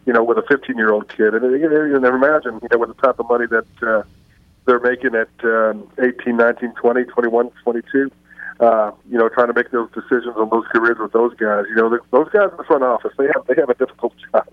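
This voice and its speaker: A man's voice: medium pitch, steady tone, fast talker, dry recording. A man, a baseball scout and guest, telling stories in a radio interview with lots of fillers and restarts, heard over a phone line. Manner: storytelling, frequent fillers and restarts. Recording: dry, phone-line sound.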